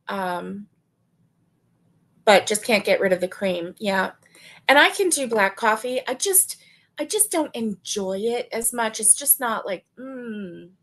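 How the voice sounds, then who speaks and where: Slow-talking woman chatting on a livestream. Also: medium pitch. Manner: slow, chatty, warm asides with frequent fillers and laughs. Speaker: livestream host. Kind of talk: casual livestream chat reading viewer comments.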